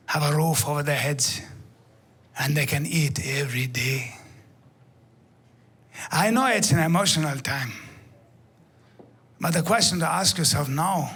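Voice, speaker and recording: A man voicing a calm, measured grown male safari guide who talks slowly and lectures gently. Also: on the high side, slightly rough, pitched below the performer's own voice, exaggerated voice. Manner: slow, lecturing, gently reproachful.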